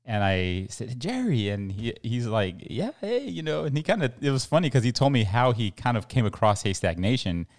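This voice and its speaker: A man's voice: mid-range voice, expressive, a little fast, hardly any pauses. A middle-aged man from El Paso co-hosting a podcast in casual, rambling chat with many fillers. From El Paso, Texas. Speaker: podcast co-host.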